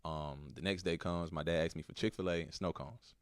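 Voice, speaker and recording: Very deep-voiced young Texan man. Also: fairly even intonation, clean tone, dry recording, clean studio sound. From Texas. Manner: soft-spoken, halting, slangy with "bro" and "like". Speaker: podcast guest, basketball player. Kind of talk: emotional personal storytelling.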